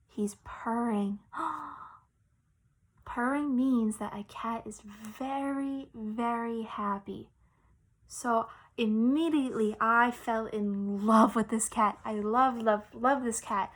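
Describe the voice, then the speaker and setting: Teacher lady telling a story to little kids, slow and expressive, fairly high voice. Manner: expressive, explains simply to kids. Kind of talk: storytelling for young children.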